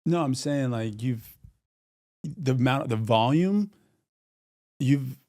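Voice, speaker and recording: A man's voice: mid-range voice, lively intonation, slow, warm tone, no room sound, studio quality. A man in a casual podcast chat, laid-back and teasing.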